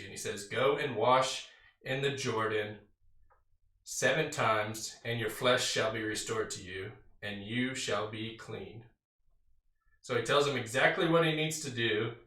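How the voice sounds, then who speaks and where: A man's voice: mid-range voice, bright, forceful tone. A man casually teaching a Bible study, reading scripture aloud and then explaining it in a conversational way with fillers. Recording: roomy sound from a distant mic.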